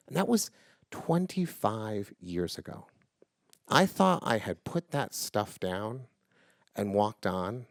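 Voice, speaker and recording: A man in his forties telling a true story live on stage into a microphone, swinging from loud indignation to hushed reflection. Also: fairly low pitch, dry recording, studio quality.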